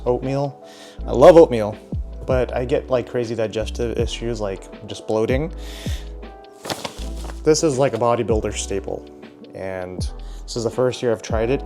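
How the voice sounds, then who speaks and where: A man's voice: mid-range voice, moderate pace. Young male vlogger, easygoing and chatty, mid-range voice, light music under him. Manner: chatty, upbeat, self-deprecating asides. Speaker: fitness vlogger. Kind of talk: casual vlog narration.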